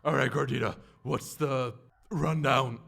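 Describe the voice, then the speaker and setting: Gravelly man playing a hero. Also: mid-range voice, fairly even intonation, measured pace, fairly bright tone. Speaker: player.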